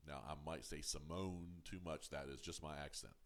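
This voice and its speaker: Very deep-voiced man, halting reviewer. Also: steady tone. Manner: halting, full of ums and uhs, restarts words; firm and defensive when answering critics. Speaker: show reviewer, channel host. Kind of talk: casual review commentary to camera.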